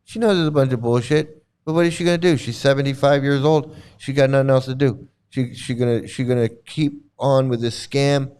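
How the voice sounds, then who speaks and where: Man, smooth resonant voice, casual reaction commentary, blunt, sarcastic, swearing, repeats and restarts phrases. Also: medium pitch, fairly even intonation, fairly quick, a little mellow. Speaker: host reacting to videos.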